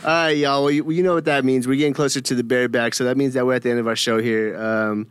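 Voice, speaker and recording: A man's voice: medium pitch, level tone, quick pace, clean tone, no room sound. A man hosting a casual group podcast, laid-back and slangy, joking with friends and reading out where to find the show. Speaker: podcast host.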